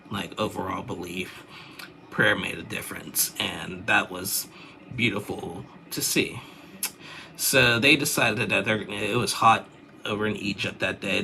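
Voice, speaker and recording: A man's voice: deep voice, vocal fry, sharp tone, slight background noise. A young man chatting casually as he recaps a reality show, rambling with lots of fillers and restarts.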